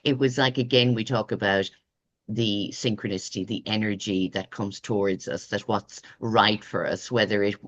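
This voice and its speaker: A woman's voice: very deep voice, fairly even intonation, moderate pace. A woman hosting a podcast, talking in an effusive, spiritual way about energy and passion. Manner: effusive, warm-hearted, spiritual. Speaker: podcast host. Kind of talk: casual interview chat.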